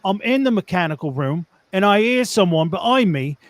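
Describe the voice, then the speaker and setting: A man's voice: high-pitched, expressive, normal speed. A man reading a post aloud as a working-class heating tradesman, putting on a Cockney accent and dropping words like "me van". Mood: storytelling. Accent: put-on Cockney. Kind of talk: dramatic reading of a forum post.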